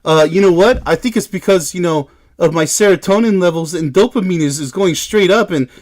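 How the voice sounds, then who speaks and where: A man's voice: high voice, fairly quick, a little mellow, voice pushed up, lightly acted. A man putting on the voice of a sappy, lovestruck partner who coos mockingly in scientific jargon. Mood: cooing mockery.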